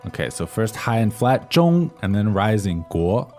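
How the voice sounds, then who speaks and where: Guy co-hosting a chinese lesson, keeps asking "right?", soft music behind. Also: fairly low pitch, very animated, moderate pace. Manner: prompts with questions, often ends with "right?". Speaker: co-host, learner's voice. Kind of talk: scripted language-lesson podcast. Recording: faint music bed.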